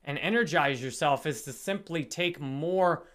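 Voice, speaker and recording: A man's voice: a little high, unhurried, fairly bright tone. A man hosting a casual livestream book discussion, talking earnestly and greeting viewers in the chat. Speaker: livestream host.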